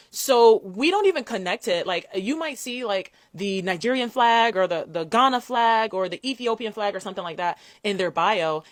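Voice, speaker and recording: A woman's voice: medium pitch, no echo. A woman from the United States talking casually to camera as a vlogger, chatty and direct, with a lot of "like" and "um" fillers. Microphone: phone.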